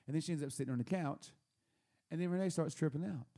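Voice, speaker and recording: A man with a fairly high voice tells a story in a loose, chatty way, laughing often and tripping over repeated words. He is seated at a table, talking with friends on a show. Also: fast, mellow. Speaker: podcast host telling a story. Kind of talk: casual storytelling chat. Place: room at a table.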